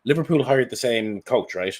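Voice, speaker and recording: A man co-hosting a football podcast, talking in an animated, rambling way and swearing freely. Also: medium pitch, normal speed. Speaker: podcast co-host. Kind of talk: casual football chat.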